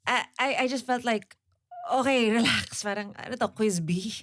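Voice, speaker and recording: A woman's voice: a little high, normal speed, a bit bright. A woman with a Filipino accent co-hosting a podcast in casual chat, mixing English and Tagalog with giggly asides. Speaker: podcast co-host. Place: podcast studio.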